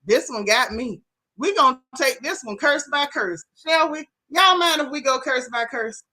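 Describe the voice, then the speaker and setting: A woman's voice: sits high, moderate pace. A woman hosting a gossip stream, chatting casually and animatedly with her viewers. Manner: animated, talks straight to her chat with "y'all", "baby" and "honey". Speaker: host of a gossip talk stream. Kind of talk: casual live-stream chat reading comments.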